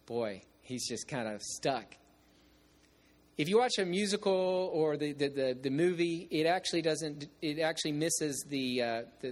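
A man preaches by retelling a novel, his voice sitting a little higher than most men's. He reads aloud with expressive shifts, stumbling into restarts now and then. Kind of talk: sermon retelling and reading a novel.

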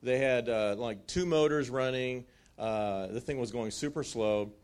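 A man telling a wartime story in a sermon, with lively acted-out asides and frequent restarts. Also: mid-range voice, unhurried, clear, resonant tone.

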